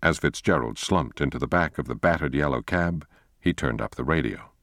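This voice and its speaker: A man reading a thriller novel aloud as an audiobook narrator, in a measured, steady way. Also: a bass voice, no echo, studio quality. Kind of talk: scripted narration.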